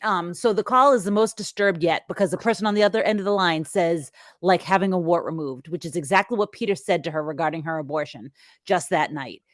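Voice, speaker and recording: A woman with a fairly low voice retells a movie's plot for her podcast co-hosts, chatty and animated. The sound is dry and close, with no room around it. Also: a little fast, no room sound. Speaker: podcast co-host recapping the plot. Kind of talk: casual podcast chat.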